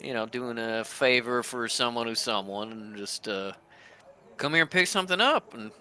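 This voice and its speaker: A man's voice: mid-range voice, normal speed, bright, forceful tone, natural voice. A man voicing a brash, motherly older woman who leads a mercenary crew, with a folksy drawl.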